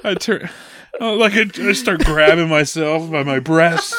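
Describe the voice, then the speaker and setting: A man's voice: sits high, expressive, normal speed, a bit bright. A man in his thirties in casual chat, telling funny stories about his kids and laughing often.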